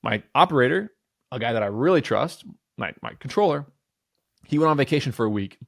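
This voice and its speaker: A man's voice: mid-range voice, animated, a little fast, gravelly, a bit bright, no room sound, clean studio sound. A man in his thirties, an entrepreneur guest on a podcast, talking with energy and certainty and swearing casually. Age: 30s. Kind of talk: podcast interview.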